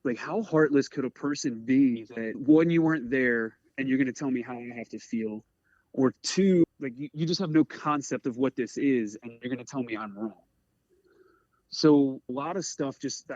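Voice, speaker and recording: A firefighter in his forties from the Eastern Shore of Maryland talks through his own story in an earnest, halting way, often reaching for "like." His voice sits at an ordinary middle pitch for a man. The recording is dry and a little muffled. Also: darkish tone, dry recording. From Eastern Shore of Maryland, USA. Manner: earnest, halting, many "like" fillers. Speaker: career firefighter, podcast guest. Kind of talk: candid personal storytelling. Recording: dry, slightly muffled audio.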